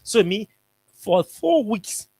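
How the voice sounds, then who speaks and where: A middle-aged Liberian man hosts a talk show, telling a political story with lots of emphatic repetition. His voice sits high for a man. The recording is close and dry, with no room sound. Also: sing-song, takes it slowly, darkish tone, husky, dry recording. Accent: Liberian English. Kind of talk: political commentary monologue.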